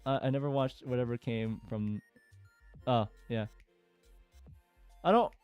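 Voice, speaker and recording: A man's voice: medium pitch, unhurried, a little mellow, clear, resonant tone, soft background music. A man casually reading forum posts aloud and commenting, with lots of fillers and chuckles. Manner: chatty, with frequent fillers and laughter.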